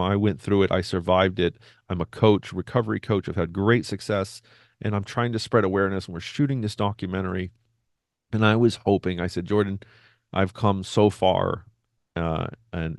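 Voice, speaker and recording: Brief: low-pitched male storyteller, conversational monologue, dry close recording. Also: creaky, dry recording. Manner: animated retelling with acted-out quotes. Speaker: benzo recovery coach.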